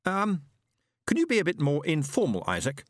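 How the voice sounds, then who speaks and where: A man's voice: a little high, wildly swooping pitch, moderate pace, no room sound, studio quality, pitched above the performer's own voice. A man voicing an earnest, somewhat awkward young man who speaks hesitantly and with mild bemusement.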